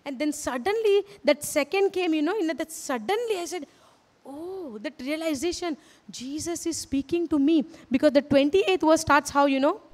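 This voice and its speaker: A woman's voice: sits high, normal speed. A woman with an Indian English accent preaching a sermon, earnest and repetitive, often asking her listeners questions. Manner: earnest, repeats phrases, asks the audience questions. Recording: hall reverb.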